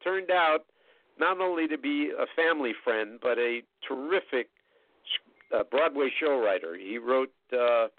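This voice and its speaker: An older man telling rambling, chatty anecdotes as an interview guest, with frequent pauses. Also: mid-range voice, lively intonation, no room sound, narrow, tinny audio. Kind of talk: storytelling anecdotes in casual conversation.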